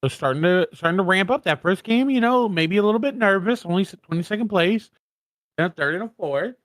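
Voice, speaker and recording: A man's voice: high-pitched, expressive, brisk, a bit bright, no room sound. A man co-casting an esports watch party, rattling off standings and stats with casual asides. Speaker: co-caster.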